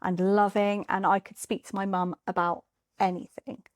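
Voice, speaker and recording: A woman, telling parenting stories in a candid, animated conversation. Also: mid-range voice, moderate pace. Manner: animated storyteller, acts out quoted voices. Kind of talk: candid casual chat.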